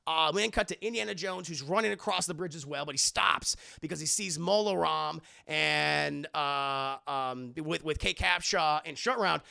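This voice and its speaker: A man streaming live, recapping a film in an excitable, profane, chatty way and talking to his chat. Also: fairly high pitch, moderate pace, creaky, few pauses. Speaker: live-streamer movie reviewer.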